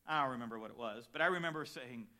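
A man preaching a sermon as pastor, dynamic, shifting between quiet reflective lines and loud emphatic ones, telling personal stories with acted-out quotes. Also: mid-range voice, very fast. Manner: storytelling with acted quotes and chuckles.

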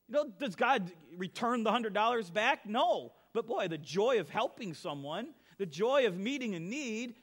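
Man, pastor, sermon, high voice, storytelling, soft then emphatic. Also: sing-song, normal speed, few pauses.

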